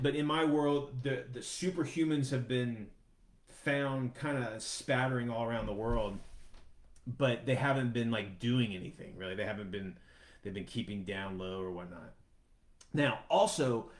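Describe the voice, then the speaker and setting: A man hosting a podcast, talking in a rambling, profane, animated way. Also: medium pitch, reverberant. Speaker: podcast host. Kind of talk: casual chat.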